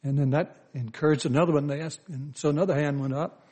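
Folksy older Southern preacher. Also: male voice, fairly high pitch, steady tone, dark tone, slightly rough. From Southern United States. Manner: slow, folksy storytelling with frequent "you know, uh" fillers. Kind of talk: sermon.

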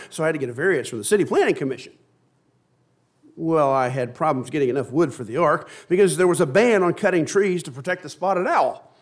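A preacher doing a harried man pleading his case, exasperated and worn down by endless obstacles. The voice sits a little high and runs through complaint after complaint. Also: lightly acted.

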